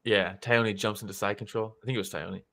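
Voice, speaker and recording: A man's voice: on the low side, fairly even intonation, a little fast, creaky, sharp tone. A young man co-hosting a podcast, chatting casually about fight photos and swearing freely as he acts out quotes. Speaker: podcast co-host.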